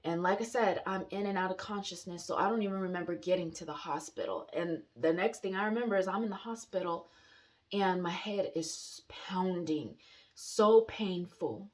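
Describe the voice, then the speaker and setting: A woman with a fairly low voice speaks in a loose, unscripted way. She stops, restarts and searches for words, and now and then lets out a short wry laugh. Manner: rambling, many restarts and pauses, wry laughs. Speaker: vlogger sharing personal story. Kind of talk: casual personal testimony.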